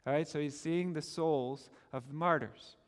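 Animated male preacher in a reverberant hall. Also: on the high side, normal speed. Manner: earnest, animated, stammers when emphatic. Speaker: pastor. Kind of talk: sermon.

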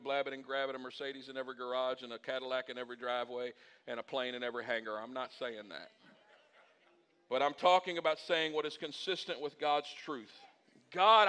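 A man preaching a sermon as pastor, animated and folksy, building to loud, impassioned peaks. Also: mid-range voice, smooth. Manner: folksy and humorous asides.

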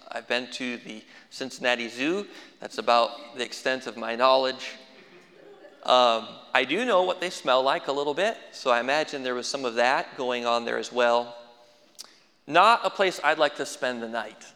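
A man's voice: mid-range voice, bright, forceful tone, in a large hall. A man preaching a sermon as pastor, folksy with dry humorous asides.

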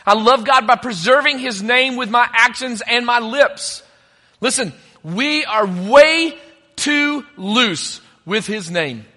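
A man's voice: very high-pitched, lively intonation, slow, bright, forceful tone, in a large hall. A man preaching a sermon as pastor, conversational and joking between points.

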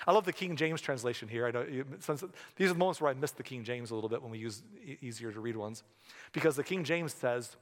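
A man's voice: mid-range voice, lively intonation, quick pace. A male pastor preaching a sermon in a conversational, storytelling way with humorous asides. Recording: long hall reverb.

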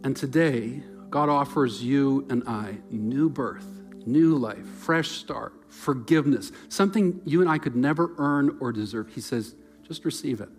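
A man preaching a sermon as pastor, earnest and storytelling, rising to loud emphasis and dropping to near-whispered softness. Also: medium pitch, unhurried, faint music behind.

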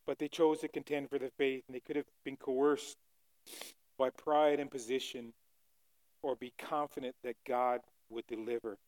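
A man preaching a sermon, retelling a scripture story, swinging from loud fervor to soft, pleading lines. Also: mid-range voice, flat delivery, normal speed.

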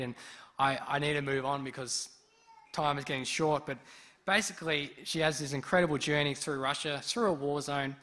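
A man preaching a sermon, telling a story in a lively way and acting out the people in it. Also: mid-range voice. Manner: lively storyteller who acts out quoted speech.

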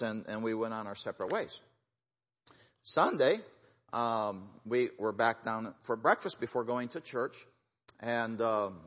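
A man of middle pitch shares mission stories from the pulpit in a relaxed, folksy way. He stumbles and restarts often, with plenty of "uh" and "and, uh". His voice rings out with the long reverb of a large church hall. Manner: folksy storytelling with frequent fillers and restarts. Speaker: guest missionary speaker. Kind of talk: sermon-style testimony.

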